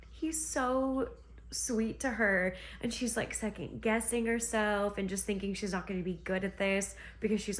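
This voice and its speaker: A woman retelling a romance novel in a chatty, gushing way on her book vlog. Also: medium pitch. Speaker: book vlogger. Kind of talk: casual book reading vlog.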